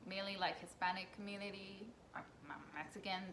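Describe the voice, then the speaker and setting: A woman's voice: mid-range voice, fairly even intonation, fairly quick, fairly bright tone. A woman hosting a casual beer tasting chat, talking loosely with lots of fillers. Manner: chatty, hesitant with fillers. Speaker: host. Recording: echoey room with background noise.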